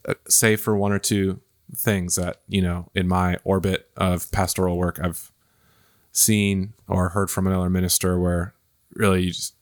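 Guy pastor with a lowish voice running a bible study chat, lots of ums and restarts, kinda thinking out loud. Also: little pitch movement, moderate pace. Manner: thoughtful, hesitant, many fillers and restarts. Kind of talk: casual discussion.

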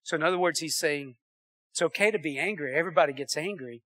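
A man preaching a sermon, calling out to the congregation and swinging from loud to quiet. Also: fairly high pitch, fast talker. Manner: animated preaching with audience call-outs. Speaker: pastor.

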